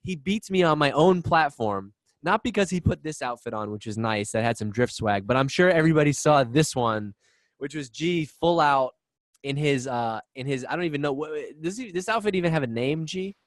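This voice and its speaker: A man hosting a live webinar over a video call, talking fast and excitedly with lots of restarts. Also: on the high side, no echo. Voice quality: excitable, rapid, restarts often. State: out of breath. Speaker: webinar host. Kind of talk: energetic live webinar chat. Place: office in Boston.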